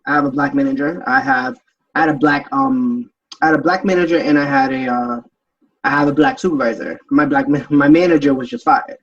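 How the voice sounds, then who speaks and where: A man in a casual group chat on a podcast, telling animated stories and acting out other people's voices. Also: a little high, fairly quick, vocal fry. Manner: animated storytelling, acts out quoted voices. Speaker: podcast panelist. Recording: dull, distant sound.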